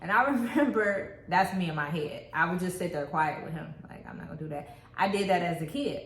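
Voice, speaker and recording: A woman's voice: fairly low pitch, fairly quick, a little hiss or hum. Candid woman sharing in an echoey room. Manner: candid, reflective storytelling. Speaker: co-host. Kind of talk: casual relationship talk.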